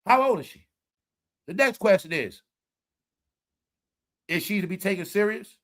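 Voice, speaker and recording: A man hosting a live commentary stream, talking straight to his viewers in an animated, preachy way. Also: high voice, a little slow. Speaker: commentary livestream host.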